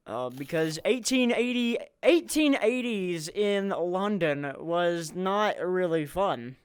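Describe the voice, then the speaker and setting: A man's voice: sits high, lively intonation, takes it slowly, clear, resonant tone, dry recording. A man hosting a casual podcast chat, rambling and laughing as he tells a story. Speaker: podcast host.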